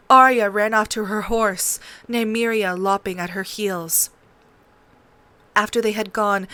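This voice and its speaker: A woman reading a fantasy novel aloud as an audiobook, with dramatic, expressive storytelling. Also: mid-range voice, no echo. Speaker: audiobook reader.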